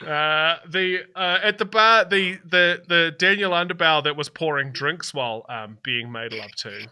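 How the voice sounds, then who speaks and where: A man's voice: a little high, a little slow, bright, forceful tone, clear, resonant tone. A man narrating as dungeon master in a tabletop game, rambling and hesitant, often laughing through his descriptions.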